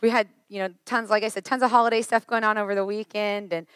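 A woman in her thirties preaching a sermon, chatty and joking, her voice a little worn and hoarse. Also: mid-range voice, quick pace, dry recording. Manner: chatty, joking, lively asides. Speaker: pastor.

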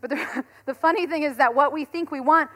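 A woman in her thirties, a pastor giving a conversational sermon, telling stories in an animated way and laughing often. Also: sits high, brisk.

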